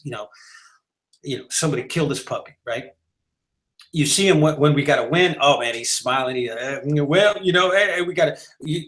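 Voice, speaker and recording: A man's voice: medium pitch, a bit bright. A man co-hosting a live sports talk show, arguing emphatically and rambling with frequent restarts and fillers. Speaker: podcast co-host.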